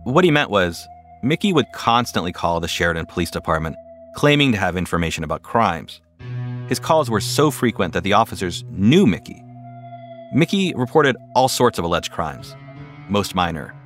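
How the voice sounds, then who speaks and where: A man narrating a podcast story in a measured, wry, scripted way. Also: low voice, sing-song, a bit bright, soft background music.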